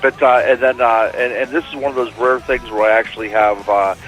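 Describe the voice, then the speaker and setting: A middle-aged man calling in as a radio show guest by telephone. He is hoarse and losing his voice, and he talks with enthusiasm, often repeating words as he restarts. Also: mid-range voice, level tone, fairly quick, over music, low-quality recording. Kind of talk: radio interview.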